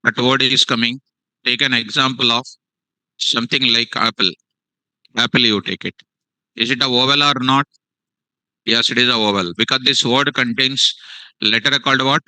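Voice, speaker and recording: A man's voice: mid-range voice, fairly even intonation, normal speed, pauses often, pushed and bright, dry recording, rough recording. A man teaching a live programming class, repeating phrases and quizzing his students. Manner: repetitive, questioning students, restates phrases. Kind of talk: live classroom coding lesson.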